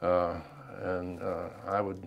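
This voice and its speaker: Low-voiced older man, slow and reflective. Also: monotone, gravelly, lo-fi sound. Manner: unhurried, reflective, many ums and pauses. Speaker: veteran interviewee. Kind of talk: oral history interview.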